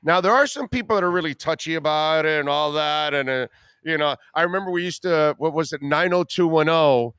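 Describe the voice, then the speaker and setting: A man hosting a sports radio show, talking bluntly and swearing freely as he tells animated stories. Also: fairly high pitch, a little fast, clear, resonant tone, no room sound, clean studio sound. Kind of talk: casual sports talk.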